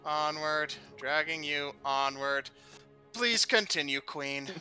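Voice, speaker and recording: Sex: man. Role: chatty host, very bright voice. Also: fairly high pitch, expressive, unhurried, faint music behind. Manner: flustered, chatty asides. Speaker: host of the reading.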